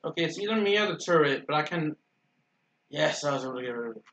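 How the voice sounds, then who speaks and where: A man's voice: on the high side, lively intonation, fast, fairly bright tone, lo-fi sound. A man giving casual, rambling commentary over a video game, often stopping to correct himself and stuttering. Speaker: gaming YouTuber. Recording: roomy echo.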